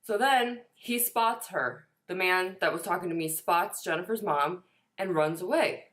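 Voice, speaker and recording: A woman's voice: on the low side, measured pace, fairly bright tone. A woman in her twenties telling a personal story in a casual, chatty way, swearing now and then and saying "like" a lot. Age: 20s. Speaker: vlogger.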